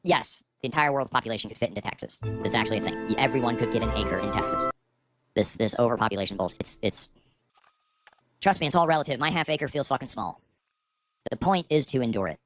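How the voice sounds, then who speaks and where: A man's voice: medium pitch, animated, fast talker, fairly bright tone, faint music behind. A middle-aged man livestreaming from home, ranting bitterly and profanely about his life through a streaming microphone. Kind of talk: livestream rant. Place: at home, seated. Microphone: streaming microphone with auto gain.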